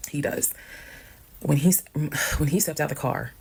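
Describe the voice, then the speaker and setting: A woman telling a personal story in a casual storytime monologue, brisk and matter-of-fact, acting out the people she quotes. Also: deep voice, creaky, a little mellow, slightly rough. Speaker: storyteller recounting her own experience.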